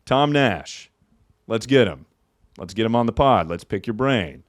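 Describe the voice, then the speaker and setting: A man's voice: lowish voice, expressive, unhurried, no room sound, studio quality. Riffing young man on a comedy podcast. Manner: riffing, laughs often, jumps between loud bits and mumbled asides. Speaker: podcast host. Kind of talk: casual comedic chat.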